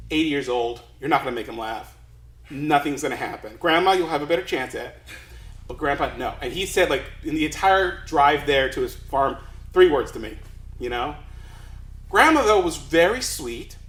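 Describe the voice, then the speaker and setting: Male storyteller, self-deprecating, rambling live comic delivery; high-ish bright voice, echoey room. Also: expressive, normal speed. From Los Angeles, USA.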